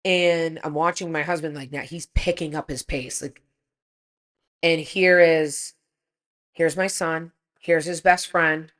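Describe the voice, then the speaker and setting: A woman in her forties, a podcast co-host, telling an animated story in casual chat and swearing freely. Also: deep voice, takes it slowly.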